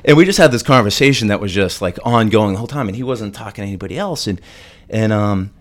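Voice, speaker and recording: A man's voice: lowish voice, fast. Male podcast guest, chatty storyteller, voices the other people in his stories. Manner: animated, acts out quotes in a raised voice. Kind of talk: casual storytelling.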